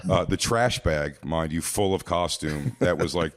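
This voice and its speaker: Deep, dry-voiced man rambling through a story. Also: unhurried, no room sound. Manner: rambling storytelling, full of fillers and restarts. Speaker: podcast host telling a story. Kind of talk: casual chat.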